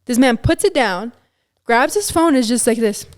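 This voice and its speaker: A woman's voice: a little high, normal speed. A young woman in casual chat as a podcast guest, telling a story animatedly and acting out quotes. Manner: animated, acts out quotes, many "like"s.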